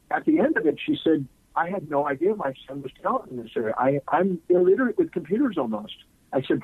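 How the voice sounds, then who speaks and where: A man's voice: a little high, no room sound. Man telling a story on a tinny line. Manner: animated anecdotal storyteller, acts out quotes. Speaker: guest speaker. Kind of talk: storytelling in an interview. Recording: husky voice on a tinny phone-like line.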